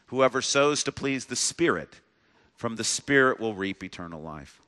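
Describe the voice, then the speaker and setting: A man's voice: medium pitch, lively intonation, normal speed, sharp tone. A male pastor delivering a sermon in a church sanctuary, earnest, with a repetitive preaching cadence. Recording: long reverb of a large hall.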